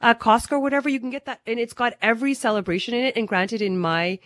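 A woman's voice: fairly high pitch, fast, fairly bright tone, no room sound. A woman co-hosting a talk radio show, chatting playfully and reading out listener messages. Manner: playful, reads out listener texts. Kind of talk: casual talk radio banter.

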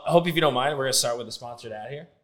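A man's voice: medium pitch, racing, big-room sound, noisy background. A man pulling a prank on a podcast guest, hesitant and stammering as he laughs his way through. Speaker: podcast co-host doing a prank. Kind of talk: casual chat.

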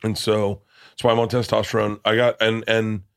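Low-voiced man hosting a casual podcast. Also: level tone, moderate pace, creaky, clean tone, no room sound, clean studio sound. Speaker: podcast host.

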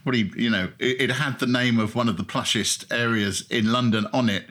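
A man's voice: medium pitch, steady tone, fairly quick, a bit bright. A man in his fifties hosting an interview over a video call, chatting casually and hesitating with fillers as he lists items. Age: 50s. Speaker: podcast host.

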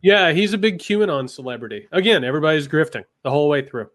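A man co-hosting a political podcast, talking in an impassioned, emphatic way that swings from loud outrage to grim, quiet asides. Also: fairly high pitch, lively intonation, quick pace. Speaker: podcast co-host, political commentator. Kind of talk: heated political podcast chat.

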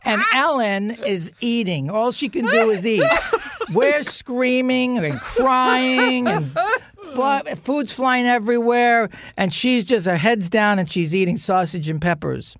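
A man in his sixties from New Jersey, a guest telling animated stories in a podcast interview and acting out family members' voices. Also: very high-pitched, unhurried. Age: 60s. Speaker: guest actor.

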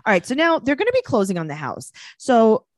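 Lively sarcastic woman podcaster. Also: a little high, brisk, no room sound, clean studio sound. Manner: animated, sarcastic, mimics people in quotes. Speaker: podcast co-host. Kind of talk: casual chat recapping a TV show.

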